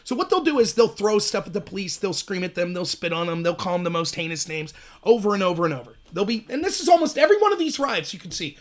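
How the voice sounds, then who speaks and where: High-pitched sarcastic male livestream host. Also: sing-song, fast. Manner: sarcastic, mocks opponents in high shrill voices; repetitive, emphatic ranting. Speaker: political commentary livestream host. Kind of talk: solo livestream commentary.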